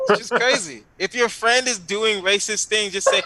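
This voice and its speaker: A man's voice: high voice, unhurried, few pauses, over a noisy crowd, poor audio. A man doing a rambling stand-up set over a video call, laughing at his own jokes. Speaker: stand-up comedian guest.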